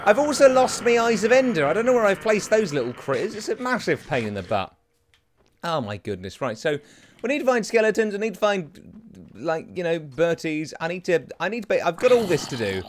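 A man's voice: high voice, very animated, fairly quick, slight background noise. A young man giving chatty, rambling gameplay commentary as a let's play host, talking to the creatures in his game. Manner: chatty, rambling and self-mocking.

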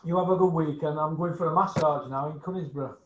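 Jokey host, echoey. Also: male voice, on the high side, fast, a little hiss or hum. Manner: jokey, chatty. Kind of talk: casual chat show. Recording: echoey dull room sound.

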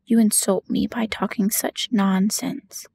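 A woman whispers as a touchy male mouse in a storybook, quick to take offense, in whispered role-play. The voice is curt and gravelly. It stays breathy and low in volume. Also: fairly even intonation, a little mellow. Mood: offended. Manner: curt and huffy.

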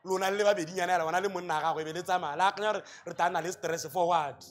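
A male pastor with a Botswana accent preaching a sermon, asking rhetorical questions and building to loud shouts. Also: high voice, fairly even intonation, racing. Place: church hall.

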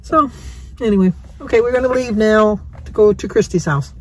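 A woman's voice: mid-range voice, normal speed, a little mellow, slight background noise, rough recording. Woman rambling on her phone cam while she drives, lots of laughs, trips over big words. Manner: rambling, chatty, laughs often, stumbles over long words. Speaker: vlogger. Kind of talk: casual chatty vlog. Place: in a car while driving.

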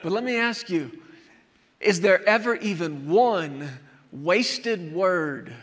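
A man preaching an animated sermon to a church, acting out scenes from the story as he goes. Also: high-pitched, takes it slowly. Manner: animated preaching, acts out scenes with shouted quotes. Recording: long hall reverb.

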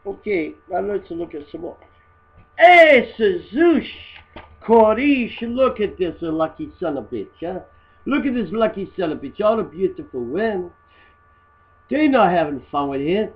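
A man doing a crude loudmouth. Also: high-pitched, sing-song, normal speed, breathy edge, lo-fi sound, exaggerated voice. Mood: mocking. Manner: crude, rambling, broken English. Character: crude, rambling immigrant guy mocking photos. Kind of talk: comedy satire monologue.

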